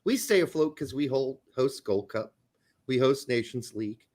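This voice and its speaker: A man's voice: mid-range voice, animated, moderate pace, a little mellow. A man co-hosting a casual soccer podcast, ranting with plenty of profanity. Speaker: podcast co-host. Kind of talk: casual sports chat.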